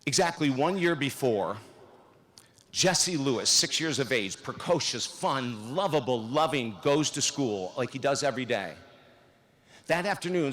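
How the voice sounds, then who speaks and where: A man delivers a motivational commencement speech in a large hall. He tells stories with dramatic swings between upbeat energy and hushed moments. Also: medium pitch, expressive, measured pace. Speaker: commencement speaker.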